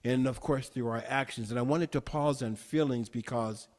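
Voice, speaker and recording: A man minister delivering a sermon, repeating phrases emphatically and building to excited exclamations. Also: mid-range voice, moderate pace. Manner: repetitive, emphatic preaching with rising exclamations. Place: church sanctuary. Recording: long hall reverb.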